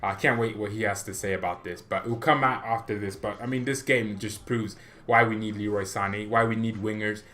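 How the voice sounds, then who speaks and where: A young man hosting a fan channel, giving a casual, opinionated match reaction that rambles with restarts and excited bursts. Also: on the low side, a little fast, hardly any pauses. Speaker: football fan channel host.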